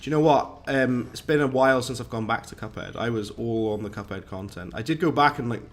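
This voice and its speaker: A man's voice: mid-range voice, fast. A man, chatting casually and rambling to viewers while streaming a game. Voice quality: posh-sounding.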